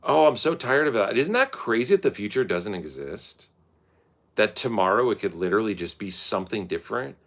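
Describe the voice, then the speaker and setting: Rambling late-night man with a gravelly voice. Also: expressive, a little fast, fairly bright tone. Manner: rambling, swearing, slips into high mocking voices. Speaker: vlogger. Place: his art studio at night.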